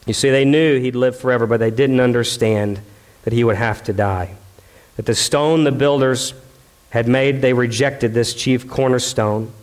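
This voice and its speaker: A man's voice: medium pitch, fairly even intonation, normal speed. A male pastor preaching a sermon in a conversational, dramatic way, asking the crowd questions and acting out the voices he quotes.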